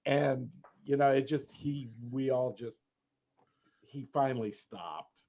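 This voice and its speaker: A man's voice: medium pitch, takes it slowly, warm tone. A man on a podcast animatedly retelling an anecdote in casual chat. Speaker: podcast co-host.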